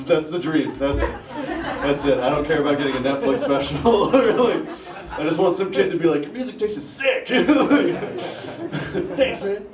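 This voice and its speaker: A man performing a stand-up comedy set in a small theater, rambling and self-mocking. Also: medium pitch. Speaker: stand-up comic. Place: small theater with live audience. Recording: echoey room, mic heard from far, loud crowd.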